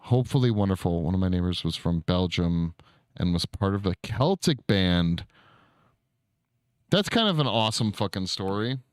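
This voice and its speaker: A man's voice: sits low, animated, normal speed, clear, resonant tone, dry recording, clean studio sound. A man hosting a casual livestream, reading chat aloud and answering viewers, with easy swearing. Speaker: streamer.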